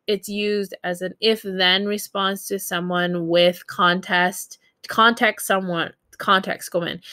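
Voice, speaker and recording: A woman's voice: mid-range voice, pushed and bright, no echo, studio quality. A woman teaching a recorded Japanese grammar lesson, explaining in a casual way with many fillers and self-corrections.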